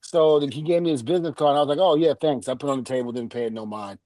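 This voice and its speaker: A man's voice: medium pitch, very fast, no echo. A middle-aged man, a podcast guest, telling a story in casual chat and acting out each quoted line with laughter. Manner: animated, acts out quoted dialogue with laughs.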